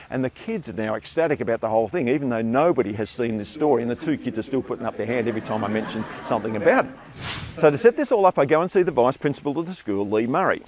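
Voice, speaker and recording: An older man with an Australian accent, a former teacher telling a story live on a theatre stage, animated and acting out the voices of the people in it. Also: medium pitch, fast, slight background noise.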